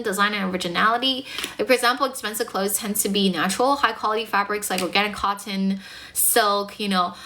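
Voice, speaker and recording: A woman's voice: medium pitch, pushed and bright, slight background noise. A woman from China with a mostly American accent, a chatty English speaking teacher who greets viewers and laughs easily on a live stream.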